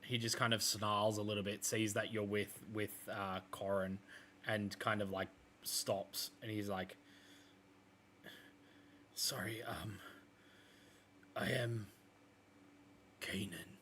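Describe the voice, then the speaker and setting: A man's voice: lowish voice, little pitch movement, unhurried, bright, forceful tone, a little hiss or hum. A man narrating as game master, describing scenes loosely with lots of fillers.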